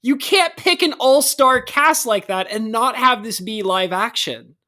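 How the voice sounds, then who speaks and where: A man co-hosting a podcast in casual chat, excitable and rambling, often laughing. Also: very high voice, a little slow. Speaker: podcast co-host.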